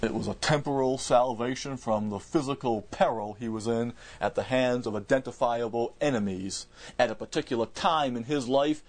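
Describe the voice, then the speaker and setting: A man with a medium-pitched voice preaches a verse-by-verse Bible sermon emphatically, repeating words and restarting phrases as he explains.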